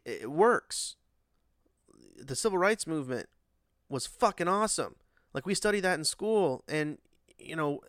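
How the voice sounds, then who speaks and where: A man's voice: fairly high pitch, a bit bright, no echo, studio quality. A man ranting in a casual monologue, profane and rambling, with lots of fillers and an exasperated tone. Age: adult, working.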